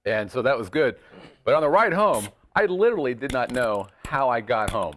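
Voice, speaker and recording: A man's voice: medium pitch, very animated, moderate pace, a bit bright, slight background noise. A man, the show's producer sitting in as guest, teasing the host and rambling through stories in a casual late-night chat. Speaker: show producer and stand-in guest. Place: studio.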